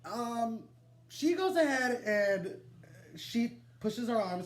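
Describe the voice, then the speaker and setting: A young man telling a wild personal story to the camera, animated and dramatic, swearing freely and laughing through his digressions. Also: extremely high pitch, slow pace, a little hiss or hum. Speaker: vlogger. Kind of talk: storytime vlog, casual and profane.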